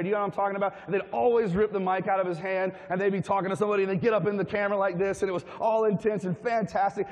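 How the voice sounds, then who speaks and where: A man from Tennessee preaching a humorous storytelling sermon, chatty and animated, asking his congregation questions. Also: high voice, in a large hall. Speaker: pastor. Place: church hall with a congregation.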